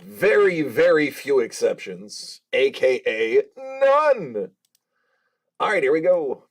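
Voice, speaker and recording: A man hosting a card-break stream, chatting casually and rambling with jokes and filler pauses. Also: medium pitch, big pitch swings. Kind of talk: casual livestream chat.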